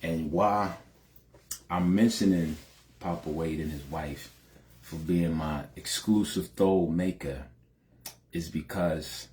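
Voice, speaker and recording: Deep, mellow-voiced man telling a story. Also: steady tone, slow pace, pauses often. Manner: earnest, emphatic storytelling with frequent "you know" and "man". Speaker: podcast host. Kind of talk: heartfelt personal monologue.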